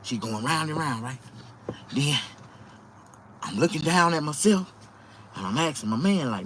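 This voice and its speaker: A young male comedian tells a long, rambling story with crude language, and his pitch swings up and down freely as he acts things out. His voice sits in the middle range, and a faint hiss of noise runs underneath. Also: unhurried, long pauses. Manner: animated, profane, rambling. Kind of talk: stand-up storytelling.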